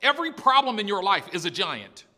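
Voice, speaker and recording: A man's voice: high voice, big pitch swings, fairly quick, bright, forceful tone, in a large hall. A male pastor preaching an emphatic, storytelling sermon with lots of repetition in a church.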